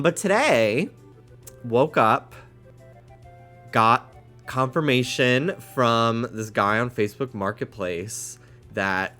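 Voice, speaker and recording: A man's voice: lowish voice, fairly bright tone, clean tone. Chatty streamer guy over faint music. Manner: chatty, jokey, reads chat aloud. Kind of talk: casual live-stream chat.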